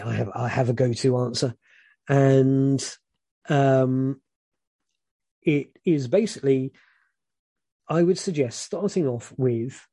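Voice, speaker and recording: A British man giving frank, relaxed advice in casual chat, rambling with many fillers. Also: mid-range voice, slightly rough.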